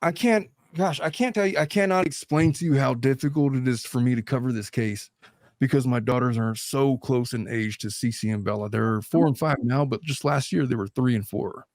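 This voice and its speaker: A man in his thirties hosting a casual podcast chat, blunt and animated, swearing freely. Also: medium pitch, moderate pace, dry recording, studio quality. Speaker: lawyer and channel host.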